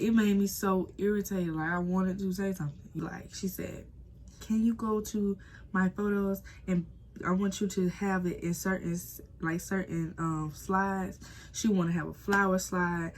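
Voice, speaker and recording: Lowish young woman telling a storytime. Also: a little hiss or hum. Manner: animated, addresses viewers as y'all, acts out quotes. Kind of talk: casual storytime vlog.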